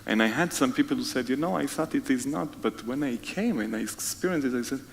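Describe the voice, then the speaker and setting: A man, a tour guide, talking softly and haltingly in a casual interview conversation, often pausing to search for his words. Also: expressive, vocal fry, in a large hall, a little hiss or hum, poor audio. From Israel. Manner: soft-spoken low talker, halting and searching for words.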